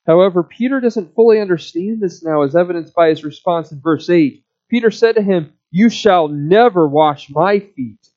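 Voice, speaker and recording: A man preaching a sermon, explaining a passage verse by verse in a slow, measured way. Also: high voice, a little mellow, dull audio. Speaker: pastor.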